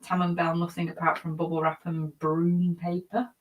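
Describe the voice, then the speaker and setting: Quiet woman reading out comments. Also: on the low side, level tone, moderate pace, rough recording. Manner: reads comments aloud, quiet, giggly. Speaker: co-host reading chat. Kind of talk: live-stream chat reading viewer comments.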